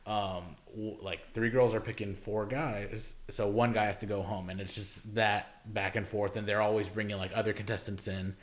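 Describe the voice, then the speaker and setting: A man's voice: on the low side, fairly even intonation, normal speed, few pauses. A young man co-hosting a podcast in casual chat, rambling and swearing freely with lots of "like". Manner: rambling, swears a lot, leans on "like". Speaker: podcast co-host.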